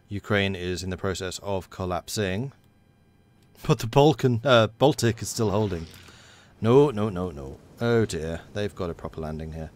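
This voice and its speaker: A man giving casual, wry commentary while playing a strategy game and chatting to his units. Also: sits low. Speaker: let's play commentator.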